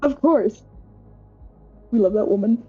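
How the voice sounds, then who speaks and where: A woman playing in a tabletop role-play stream, excitable and playful, laughing often. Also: fairly high pitch, unhurried, highs cut off, loud music behind the voice. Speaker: tabletop game player. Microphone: home mic on a live stream.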